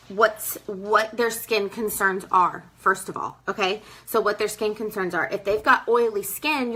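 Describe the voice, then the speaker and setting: A woman's voice: medium pitch, sharp tone, low-quality recording. A young woman gives a casual, emphatic sales training talk, calling her listeners "girl" and acting out her customers. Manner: acts out customers in quoted voices. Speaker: direct sales team leader.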